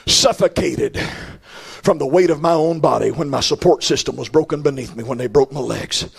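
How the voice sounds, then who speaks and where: A frightened, repentant thief speaks with a husky, rough-edged voice. He confesses in halting, stammering bursts, pitched fairly high for a man, as a preacher acts him out in a sermon. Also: heavily acted. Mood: weary. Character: repentant crucified thief, weary, fearful man.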